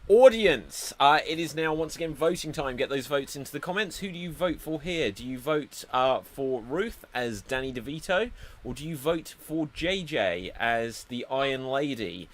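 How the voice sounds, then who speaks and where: A man's voice: mid-range voice, animated, normal speed, slight background noise. A man hosting a live improv comedy show over a video call, upbeat and giggly. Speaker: host.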